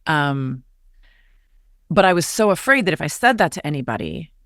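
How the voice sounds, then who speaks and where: A woman in her forties, guesting on a podcast, shares a candid personal story in an earnest, confiding way, animatedly retelling it with quoted voices. Her voice sits low at a moderate pace, recorded at studio quality with no room sound.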